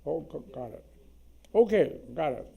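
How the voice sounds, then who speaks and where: A fairly high, gravelly, dark voice with big pitch swings belongs to a surgeon in his eighties speaking with a Chinese accent. Delivering an anecdotal symposium lecture in a lecture hall at a moderate pace, he's humorous, chatty, and self-deprecating, often tagging "okay?". The sound is slightly rough.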